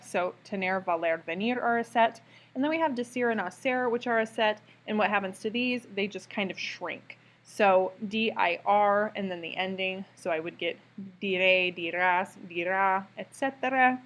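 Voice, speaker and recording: A woman teaching a recorded grammar lesson, explaining step by step in a clear, patient way. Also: medium pitch, fairly bright tone. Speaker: Spanish teacher.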